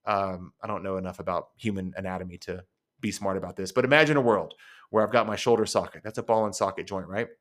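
Low-voiced man telling a personal story. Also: quick pace, a bit bright. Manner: conversational, rambling with asides. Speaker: podcast host.

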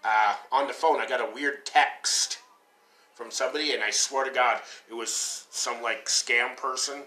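A man's voice: mid-range voice, fairly even intonation, measured pace, pushed and bright. A middle-aged man telling crude, rambling stories in casual podcast chat. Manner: profane, rambling storyteller. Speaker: podcast co-host. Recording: echoey room with faint noise.

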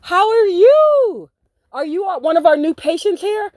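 A woman voicing a sugary, overly polite young receptionist with a slow, exaggerated customer-service tone. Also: extremely high pitch, sing-song, darkish tone, dry recording, clean studio sound, voice pushed up, heavily acted. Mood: mock-sweet.

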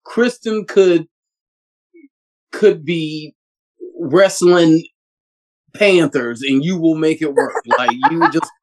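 A man co-hosting a fan podcast, chatting eagerly with a guest, gushing praise and mimicking characters in quick asides. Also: on the high side. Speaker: podcast co-host. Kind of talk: casual interview chat.

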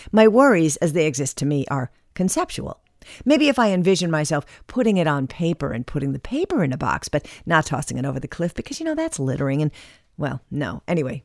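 A woman reading a scripted self-help monologue in a wry, chatty way with lively asides. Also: low-pitched, dry recording, clean studio sound.

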